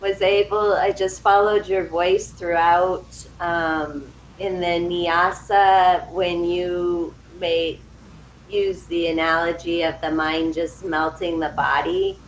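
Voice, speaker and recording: Slow, hesitant woman in a roomy space. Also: fairly low pitch, fairly even intonation, a little hiss or hum. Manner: hesitant, searching for words. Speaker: meditation student. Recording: roomy video call audio.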